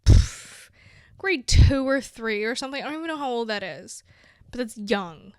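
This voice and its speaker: A woman's voice: on the high side, expressive, normal speed, darkish tone, smooth, dry recording, clean studio sound. A young woman from Brazil chatting casually to her viewers, giggly and playful, often dropping into a whisper. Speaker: vlogger. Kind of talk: casual chat to camera.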